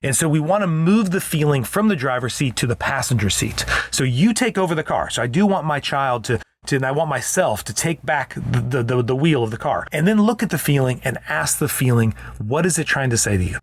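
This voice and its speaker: A man's voice: mid-range voice, lively intonation, a little fast. A man co-hosting a parenting podcast as a counselor, explaining earnestly in casual chat and often restarting his sentences.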